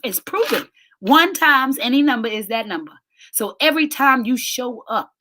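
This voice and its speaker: A woman's voice: medium pitch, pushed and bright. A woman hosting a live motivational stream, preaching emphatically, repeating words for effect and reading viewer comments aloud. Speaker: host of a live inspirational show.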